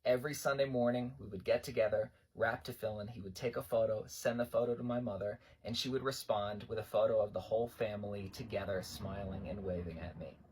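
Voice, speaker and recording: A young man from New York, an army veteran, telling wry stories about basic training in a casual, animated way. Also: on the low side, a little fast, few pauses, slightly rough. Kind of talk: casual spoken storytelling.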